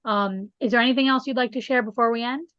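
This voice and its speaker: A woman's voice: a little high, fast, dry recording, muffled recording. A woman hosting an interview podcast, affirming her guest and closing the show with a scripted sign-off. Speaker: podcast host.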